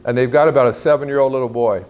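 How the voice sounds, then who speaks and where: A man preaching to a large church crowd, telling a story with lively acted-out quotes and a lot of pitch jumps. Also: very fast, clean tone. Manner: animated storyteller, acts out quotes in a higher voice. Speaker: guest speaker. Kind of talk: sermon storytelling. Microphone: clip-on mic.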